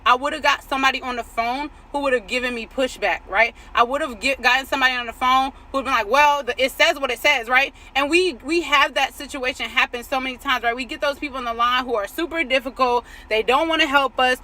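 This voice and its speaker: This woman talks fast, high and sharp, with hardly any pauses, over poor audio outdoors where vehicles pass. A faith coach, she tells a chatty personal story heavy on "like," "right?" and affirmations about trusting God.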